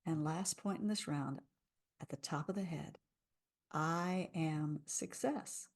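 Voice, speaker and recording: A woman's voice: low voice, moderate pace, darkish tone, husky. A woman coaching a live tapping session, speaking soothing lines for listeners to repeat. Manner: soothing, leads repeat-after-me affirmations.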